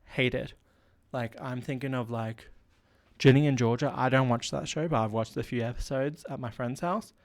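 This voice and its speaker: A man's voice: mid-range voice, normal speed. A young man hosting a solo podcast, rambling casually with lots of filler words while he feels unwell. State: unwell with a headache. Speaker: podcast host.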